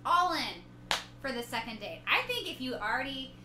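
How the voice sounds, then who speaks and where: A woman's voice: sits high, very animated, normal speed, echoey room, background noise. A woman guest chatting casually with a friend, teasing and playful. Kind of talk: casual chat.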